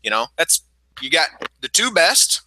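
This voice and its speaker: Brash, bright-voiced man on a podcast. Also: fairly high pitch, very animated, measured pace, no echo, rough recording. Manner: blunt, profane, teasing. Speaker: podcast co-host. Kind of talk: casual chat.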